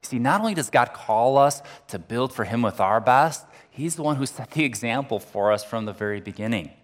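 A man's voice: mid-range voice, expressive, brisk, big-room sound. A man preaching a sermon as pastor, talking earnestly and conversationally and lifting his voice when he reads scripture.

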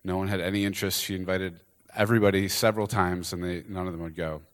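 A man with a fairly low voice preaches from the front, telling a story. He acts out each character's lines with animated energy, his pitch jumping up for the quoted exchanges. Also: fast talker. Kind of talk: storytelling sermon.

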